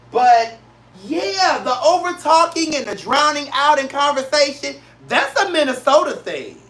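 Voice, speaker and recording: A man's voice: extremely high pitch, sing-song, unhurried, fairly bright tone. A man from St. Louis hosting his own show, talking in an emphatic, blunt and profane way and repeating his points for effect. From St. Louis, Missouri, USA. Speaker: show host. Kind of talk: casual solo talk-show rant.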